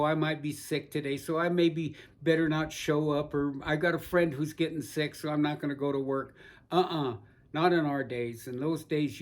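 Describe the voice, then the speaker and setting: A man's voice: mid-range voice, a little mellow. An older man telling rambling, folksy stories from his past in an oral history interview, with frequent restarts. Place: seated indoors in a barber chair.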